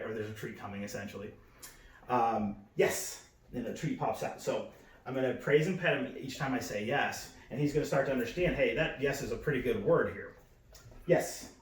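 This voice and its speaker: A man teaching dog training in a casual, filler-heavy way, now and then switching to a high, bright praise voice. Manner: casual, many fillers, raises pitch for praise voice. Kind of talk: instructional demonstration. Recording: echoey, from a distance.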